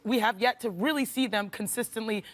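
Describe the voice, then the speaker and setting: A woman's voice: on the high side, brisk. Confident female basketball analyst. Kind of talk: studio commentary. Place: TV studio.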